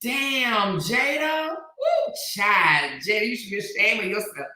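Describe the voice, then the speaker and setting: Loud, laughing woman host in an echoey room. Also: mid-range voice, sing-song, slow. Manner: loud, laughing, teasing, swearing. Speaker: commentary channel host. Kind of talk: casual gossip chat reading live comments.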